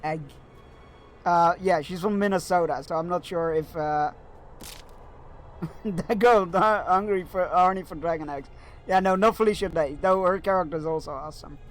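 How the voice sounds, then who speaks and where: A man's voice: high voice, moderate pace, faint music behind. A man chatting casually with his viewers while he streams a video game. He rambles a bit and fills gaps with "uh". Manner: rambling and chatty, with many fillers. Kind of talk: casual chat while gaming.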